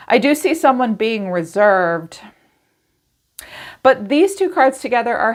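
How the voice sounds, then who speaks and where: A woman giving a casual tarot reading, chatty, slipping into lively voices for the quoted messages. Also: mid-range voice, unhurried. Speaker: tarot reader.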